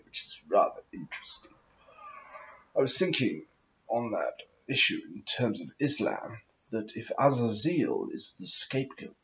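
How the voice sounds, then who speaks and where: A man's voice: low-pitched, creaky, muffled recording. Man in a put-on posh voice. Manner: affected posh aristocratic put-on voice; swears often, meandering. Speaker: vlogger. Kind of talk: rambling casual monologue.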